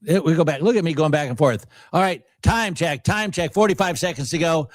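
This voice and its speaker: A man co-hosting a live trading stream, excitably calling out prices and countdowns. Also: fairly high pitch, fast, no room sound. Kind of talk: live market commentary.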